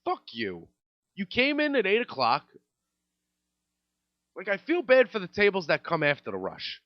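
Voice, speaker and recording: A man in his thirties tells a profane, exasperated comedic story as a podcast host. His delivery swoops widely and sits slightly high. The recording is dry and dull, like a lo-fi home setup. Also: wildly swooping pitch, moderate pace, dry recording.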